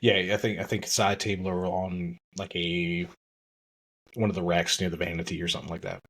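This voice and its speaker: A man's voice: low voice, flat delivery, moderate pace, fairly bright tone, slightly rough. A man co-hosting a podcast, casually recapping a TV episode and acting out scenes with swearing and laughter. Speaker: podcast co-host.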